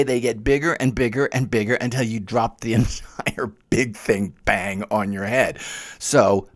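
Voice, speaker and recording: A man giving a conversational literature lecture, explaining poetry with animated, chatty asides. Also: mid-range voice. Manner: animated, conversational, laughs at his material.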